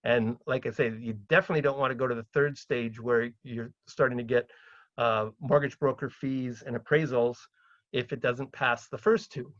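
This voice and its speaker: A middle-aged man from Canada giving a chatty seminar talk on property deals, often acting out phone calls in a livelier, higher voice. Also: fairly even intonation, normal speed, no room sound, lo-fi sound. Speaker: real estate investor speaking at a seminar.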